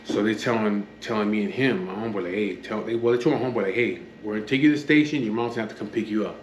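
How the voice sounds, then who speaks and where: A man's voice: fairly low pitch, very fast. A man from the Los Angeles area, casually telling his own story in a blunt, profane, matter-of-fact way, acting out what others said in his own voice. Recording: echoey room with faint background hum.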